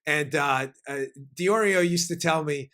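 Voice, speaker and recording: Emphatic high-voiced male talk host. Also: pushed and bright. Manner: emphatic, fast-shifting, punchy delivery. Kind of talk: political talk show commentary.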